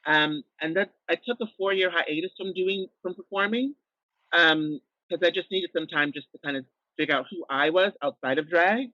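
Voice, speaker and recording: A trans woman and drag performer, a podcast guest, frankly retelling her experiences in a lively way with plenty of fillers. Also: fairly low pitch, normal speed, no room sound, lo-fi sound. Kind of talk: candid storytelling conversation.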